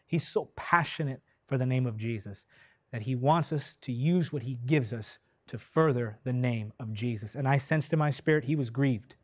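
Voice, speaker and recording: A man preaching a sermon with passion, speaking directly to his listeners, drawing out key words slowly, swelling loud and then dropping to a hush. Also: medium pitch, no room sound, studio quality. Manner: impassioned, swells loud then drops soft; slow, drawn-out delivery when stressing key words.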